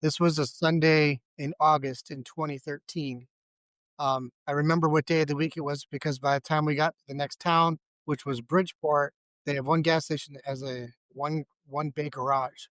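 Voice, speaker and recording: Male podcast guest, slightly high-pitched, rambling and self-deprecating, dry studio sound. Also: level tone, normal speed, a bit bright, no echo. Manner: rambling, self-deprecating, many fillers and restarts. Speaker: podcast guest telling a story. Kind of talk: casual storytelling.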